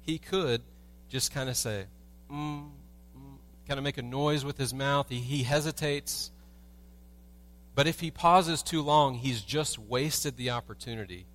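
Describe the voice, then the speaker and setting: A man's voice: medium pitch, measured pace, fairly bright tone. A man preaching a sermon as a pastor in a church, telling everyday stories with humor and asking the congregation rhetorical questions. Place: church sanctuary.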